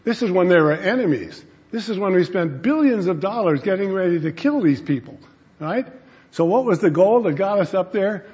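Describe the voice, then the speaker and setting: A man's voice: high-pitched, moderate pace. A man giving a storytelling talk to an audience, acting out the dialogue of his anecdotes. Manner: animated, acts out quoted dialogue. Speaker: speaker telling a story to an audience. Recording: long reverb from a large hall.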